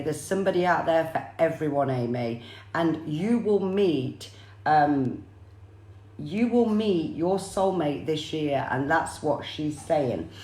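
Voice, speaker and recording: Low-pitched woman, chatty psychic medium on a livestream, echoey room. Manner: chatty, repeats viewers' names often. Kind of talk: live-streamed reading for viewers.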